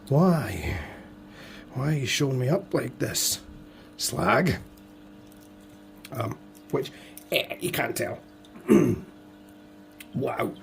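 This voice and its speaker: A man with a hoarse, fading voice, muttering to himself and joking at his own expense as he builds toy models. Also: mid-range voice, very animated, drawn-out words, pauses often, a little hiss or hum. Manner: muttering to himself, self-deprecating. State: hoarse, voice going. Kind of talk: casual build commentary.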